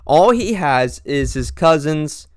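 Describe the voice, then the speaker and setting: A young man with an accent mixing Northern and Southern US speech, hosting a podcast in a halting, rambling monologue full of restarts. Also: on the high side, lively intonation, a little mellow, no echo, clean studio sound. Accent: mix of Northern and Southern US. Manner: halting, with frequent restarts and trailing pauses. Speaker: podcast host.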